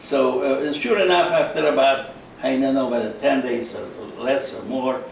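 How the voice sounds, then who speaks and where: An elderly man speaks slowly and haltingly, stopping for fillers and repeating words. His voice is gravelly with a creaky edge. He sounds set back from the mic, in a strongly echoing room with a faint hiss underneath. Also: mid-range voice. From Carpatho-Ruthenia, Eastern Europe. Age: 90s. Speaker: interview guest, Holocaust survivor. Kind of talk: personal testimony in an interview. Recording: echoey room, mic at a distance.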